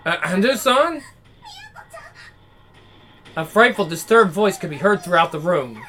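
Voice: mid-range voice, lively intonation, a little fast, a bit bright, a little hiss or hum. A reader narrating a horror visual novel aloud, dramatic and broken by nervous laughs.

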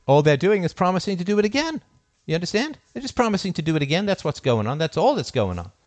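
A middle-aged man hosting a call-in show, speaking emphatically in an impassioned monologue, jumping from loud peaks to low muttered asides. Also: very animated, fast, no echo, faint music behind.

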